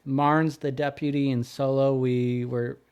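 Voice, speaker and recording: A man's voice: mid-range voice, little pitch movement, measured pace, a little mellow, smooth, lo-fi sound. Man reading podcast notes aloud. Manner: reads notes and lists, hesitant with fillers. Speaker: podcast co-host. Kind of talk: casual chat, reading follow-up notes.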